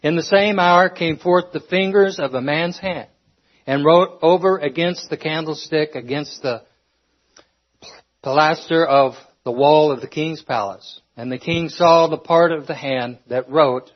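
A man's voice: on the high side, a little slow. A man preaching a sermon, earnest, stopping and restarting as he reads scripture, a little out of breath. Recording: dull lo-fi recording.

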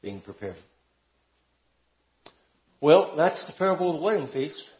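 A man teaching a Bible class. He talks expressively, rising to emphatic peaks and dropping to quiet asides. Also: a little high, sing-song, unhurried. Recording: dull lo-fi classroom recording.

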